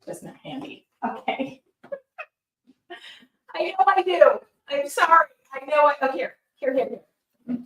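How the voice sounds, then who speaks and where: A woman's voice: high voice, a little slow, long pauses, a bit bright, distant mic. A woman hosting a live art demo, chatting casually and reading viewer comments aloud as she paints. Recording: roomy sound, voice somewhat off-mic.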